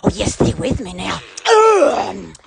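A woman hosting a casual live stream, giddy and excitable, laughing and squealing often. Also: mid-range voice, slow pace, gravelly, very noisy.

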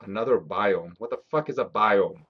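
A man's voice: fairly low pitch, normal speed, husky. A man streaming a game live, talking to his chat and swearing often as he grows frustrated. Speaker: gaming streamer. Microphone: desk mic. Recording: slightly dull lo-fi stream audio.

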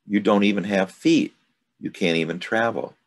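A man reading aloud and voicing a gentle, curious young boy prince who asks earnest, wondering questions. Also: on the low side, normal speed, pitched above the performer's own voice.

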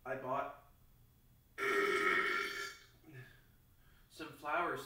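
A man's voice: medium pitch, steady tone, extremely slow, heavy reverb, recorded from a distance, heavy background noise. A man playing a silly mock teacher, rambling through books aloud with a lot of laughter. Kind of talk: playful mock classroom reading.

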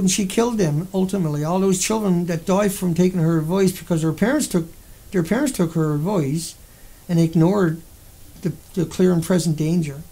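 A man's voice: high voice, creaky, darkish tone. A man with a Newfoundland accent hosting a livestream, ranting in a heated, rambling and profane way. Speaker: livestream host. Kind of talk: angry livestream rant.

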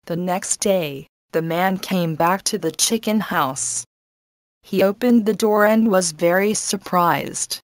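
A woman teacher reading an English lesson and a story aloud, slowly and carefully. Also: fairly low pitch, dry recording. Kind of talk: scripted lesson narration.

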